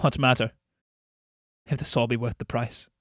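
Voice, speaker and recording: A man's voice: medium pitch, fairly even intonation, normal speed, a bit bright, dry recording, studio quality, pitched below the performer's own voice, close to an everyday voice. A man reading a scornful soul-merchant. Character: mocking male soul-merchant, scornful and proud.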